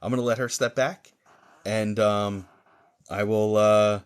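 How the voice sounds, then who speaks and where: Man, psychic medium, live stream reading, slightly low voice, halting, pauses and fillers, gentle and reassuring. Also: fairly even intonation, smooth. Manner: gentle and reassuring toward viewers.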